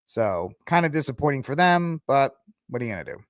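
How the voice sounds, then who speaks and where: A man's voice: mid-range voice, sing-song, a little fast, no echo, clean studio sound. A man hosting a podcast, talking casually and rambling through opinions, mocking and exasperated at times. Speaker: podcast host. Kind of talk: casual commentary.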